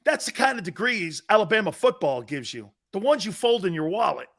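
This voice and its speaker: A man's voice: high-pitched, sing-song, brisk, a bit bright. A man from Connecticut hosting a sports talk show, blunt and mocking as he reads viewer comments and rants.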